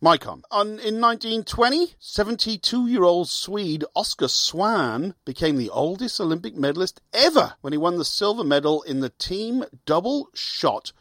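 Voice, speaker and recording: A man's voice: sits high, lively intonation, moderate pace, few pauses, fairly bright tone, dry recording, clean studio sound. A man from Wales with a Welsh accent tinged with Australian, hosting a casual sports radio chat and telling stories with jokey animation.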